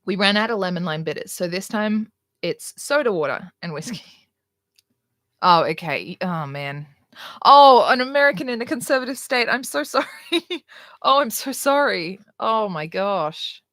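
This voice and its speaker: A woman's voice: medium pitch, fairly bright tone, no room sound, studio quality. Blunt, sarcastic woman streaming. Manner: blunt, sarcastic, candid, swears freely. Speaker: livestream host. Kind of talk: casual livestream chat.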